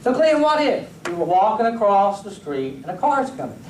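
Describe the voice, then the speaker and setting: A man's voice: high voice, moderate pace, slight background noise. A pastor preaching a sermon, telling stories animatedly and talking straight to his congregation. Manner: animated storyteller who acts out scenes, addresses the congregation directly. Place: church sanctuary. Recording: echoey church room, voice from a distance.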